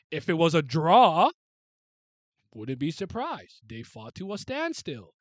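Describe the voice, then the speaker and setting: A young man from Canada chatting casually on a live stream, answering comments in an animated way and swearing freely. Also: fairly high pitch, slow, no room sound. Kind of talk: casual live reaction chat.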